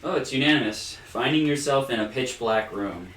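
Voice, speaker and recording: Co-host reading poll results, bright, off-mic and roomy. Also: mid-range voice, moderate pace. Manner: brief, relaxed announcements of results. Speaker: co-host running the polls. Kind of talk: casual livestream chat. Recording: distant, echoey mic.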